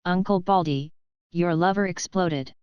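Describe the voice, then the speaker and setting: Woman reading a deadpan, sharp-tongued little girl. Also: lowish voice, measured pace, clean tone, no echo, muffled recording, close to an everyday voice. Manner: deadpan, serious.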